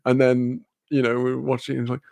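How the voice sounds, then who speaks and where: A man's voice: mid-range voice, monotone, fast, vocal fry, a little mellow, no echo. A man chatting casually with his live-stream audience, rambling and laid-back, swearing offhandedly and laughing often.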